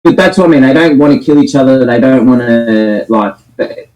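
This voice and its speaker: A man's voice: medium pitch, fairly quick, darkish tone, faint music behind, low-quality recording. A man with an Australian accent, talking in a casual livestream chat, emphatic, fired up and swearing often. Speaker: co-host reviewing a film.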